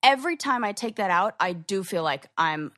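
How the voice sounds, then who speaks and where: A woman co-hosts a podcast in a relaxed, chatty way, acting out quoted phrases as she explains things. Her mid-range voice is expressive and a bit bright at a moderate pace, captured dry in studio quality.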